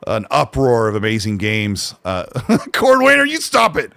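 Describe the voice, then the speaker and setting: A man's voice: on the low side, huge pitch swings, normal speed, gravelly, bright, forceful tone, no room sound, studio quality. A man hosting a casual live-stream podcast, reading viewer messages aloud in an easygoing, slightly nasal voice. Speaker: podcast host.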